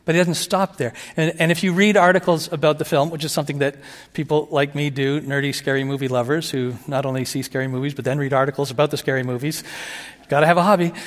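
A man with a high, light voice delivers a sermon with lively energy, swinging from excited asides to soft, hushed emphasis. His voice carries a long reverb, as if filling a large hall. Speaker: pastor.

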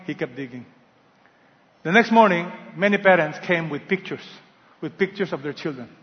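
A man's voice: fairly high pitch, muffled recording. Man preaching in a reverberant hall. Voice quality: dramatic storytelling with call-and-response questions. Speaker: pastor. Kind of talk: sermon.

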